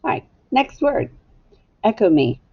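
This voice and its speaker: A woman teacher giving a patient, clearly paced phonics lesson to young children. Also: medium pitch, big pitch swings, unhurried, highs cut off.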